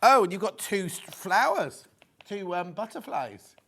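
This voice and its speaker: A British man presenting on a live TV shopping channel, chatty and excitable, repeating prices and bantering with the studio crew. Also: high voice, unhurried, slight background noise.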